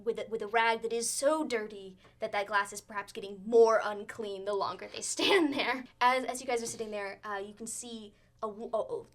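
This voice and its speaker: A woman's voice: a little high, brisk, hardly any pauses. A woman narrating a tabletop game as game master, setting scenes with frequent fillers and laughter. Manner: lively, giggly scene-setting with many fillers.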